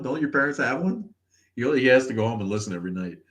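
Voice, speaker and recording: A man's voice: medium pitch, lively intonation, rapid-fire, a bit bright. A man hosting a casual livestream chat, sarcastic and profane, who laughs often. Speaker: podcast host.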